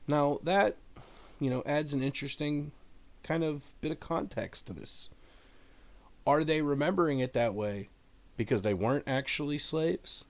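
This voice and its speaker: A man's voice: on the high side, lively intonation, unhurried. Casual, profane man riffing on scripture. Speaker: host. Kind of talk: irreverent Bible commentary.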